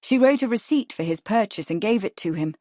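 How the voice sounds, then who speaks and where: A woman narrating a mystery audiobook in a calm, measured reading. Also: medium pitch. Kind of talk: scripted narration.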